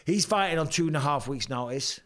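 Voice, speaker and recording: A man's voice: fairly high pitch, animated, fairly quick, fairly bright tone. A middle-aged man with a Lancashire accent, from England, hosting a live stream and rambling through fight talk, swearing freely. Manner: swearing, rambling, chatty banter. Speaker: host, former fighter. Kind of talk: casual live-stream commentary.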